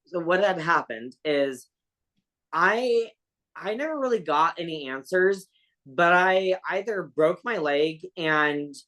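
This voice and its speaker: A woman's voice: sits low, a bit bright. A woman guest on a podcast telling a personal story in a rambling, casual way, full of "like" and fillers, swearing offhandedly.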